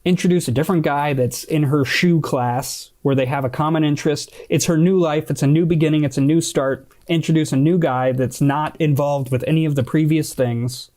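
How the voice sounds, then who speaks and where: A man with a somewhat high voice pitches ideas as a podcast co-host. He speaks bluntly and emphatically, and he swears freely. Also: steady tone, a little fast, few pauses, a little mellow. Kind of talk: casual chat.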